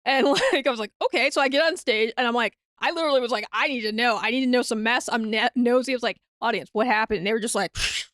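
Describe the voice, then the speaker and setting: This comedian guest on a casual podcast is a woman with an Upper Midwest American accent and a voice on the high side. She talks fast with hardly any pauses, captured in a dry, clean studio recording. Her stories come alive with acted-out quotes and frequent laughter.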